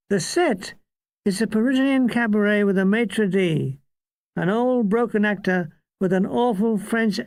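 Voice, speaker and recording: Slow, deadpan older woman reading aloud. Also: mid-range voice, dry recording, studio quality. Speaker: reader. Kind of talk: reading a comic memoir aloud.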